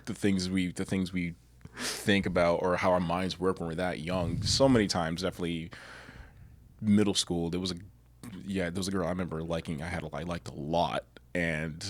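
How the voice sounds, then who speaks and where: A man's voice: sits low, a little fast, no room sound. Laid-back man from chatting. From Massachusetts. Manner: relaxed, rambling, laughs often. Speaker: podcast guest. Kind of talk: casual chat.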